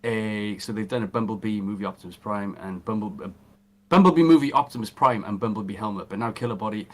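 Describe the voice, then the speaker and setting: A man co-hosting a casual podcast, excitable and jokey, rambling as he reads out news. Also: lowish voice, quick pace. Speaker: podcast co-host.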